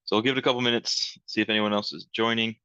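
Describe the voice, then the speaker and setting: Male webinar trainer with a deep, bright voice, relaxed and rambling, dry and slightly muffled meeting audio. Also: rapid-fire, clean tone, no echo. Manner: relaxed, rambling, many ums. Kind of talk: live software training webinar.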